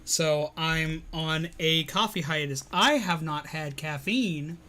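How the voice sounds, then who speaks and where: A man's voice: a little high, slow, sharp tone. A man in casual live-stream chat, answering viewer comments while recovering from illness. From Alabama, US.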